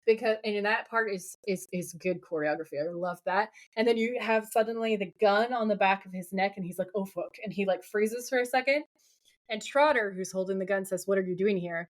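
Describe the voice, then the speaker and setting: A woman co-hosting a podcast, telling a TV episode as an animated story, acting out characters' lines and laughing often. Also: medium pitch, brisk. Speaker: podcast co-host. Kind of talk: casual recap chat.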